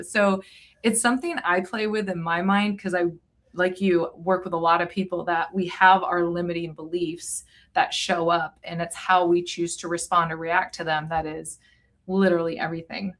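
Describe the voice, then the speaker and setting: A woman's voice: on the low side, steady tone, moderate pace, fairly bright tone. Enthusiastic woman podcast host. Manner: enthusiastic, affirming. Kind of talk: casual interview chat.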